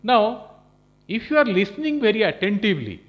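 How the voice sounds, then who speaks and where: Man, high-pitched, lecture delivery, explanatory, keeps asking "okay?". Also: very animated, brisk. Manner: explanatory, checks in with frequent "Okay?" and "you know". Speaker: professor lecturing on management skills. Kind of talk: recorded lecture.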